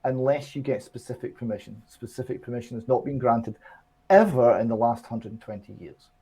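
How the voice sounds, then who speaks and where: A man's voice: mid-range voice, brisk, dark tone, slightly rough. A man on an online discussion show, explaining and building his argument step by step with emphasis. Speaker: political commentator.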